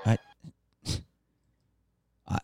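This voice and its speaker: A man's voice: drawn-out words, dark tone, no room sound, studio quality. A man co-hosting a podcast, chatting casually with frequent swearing, laughter and stammered restarts. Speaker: podcast co-host. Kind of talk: casual chat reacting to recordings.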